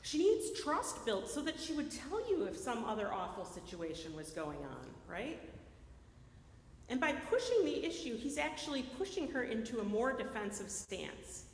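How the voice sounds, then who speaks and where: Woman, preacher, sermon, conversational, high voice, echoey hall, long reverb. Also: normal speed, a little hiss or hum. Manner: animated, keeps checking in with the audience by asking "right?".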